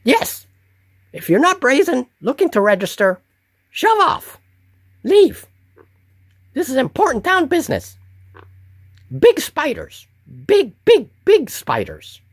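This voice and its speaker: A man voicing an excitable male goblin town guard who barks short, curt orders. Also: extremely high pitch, unhurried, pauses often, slightly rough, dry recording, studio quality, pitched above the performer's own voice, heavily acted. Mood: excited.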